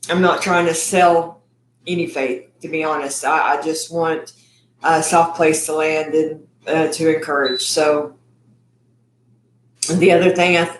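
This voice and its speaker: A woman's voice: sits low, a little hiss or hum. A middle-aged woman, hosting her cooking channel livestream in a rambling, chatty way, sometimes talking while eating. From Texas. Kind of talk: casual livestream chat. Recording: echoey room.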